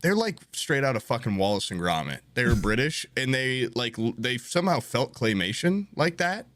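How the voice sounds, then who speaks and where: A man's voice: mid-range voice, sing-song, normal speed, a bit bright, no room sound. A young man telling a funny story on a podcast, laughing often and swearing as he talks. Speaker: podcast co-host. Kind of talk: casual comedic storytelling.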